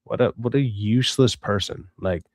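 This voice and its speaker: A man's voice: on the low side, moderate pace, no echo, studio quality. A young adult man hosting a livestream, ranting in a profane, exasperated way with many stammered restarts, and reading out chat messages. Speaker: streamer host reading chat. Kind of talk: casual livestream rant.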